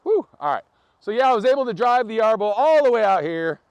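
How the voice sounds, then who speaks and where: This livestream host has a high, sing-song voice and a brisk delivery, joking and laughing with viewers during a casual vlog out in the freezing wind and snow. Captured on a tripod-mounted camera, the audio is dull with no room sound.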